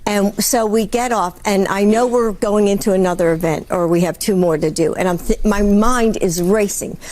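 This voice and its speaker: A woman's voice: mid-range voice, moderate pace, a little mellow. Older female interview guest, earnest and explanatory, plain mid voice. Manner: earnest, explains herself in recounted dialogue. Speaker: interview guest, former first lady. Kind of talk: sit-down interview.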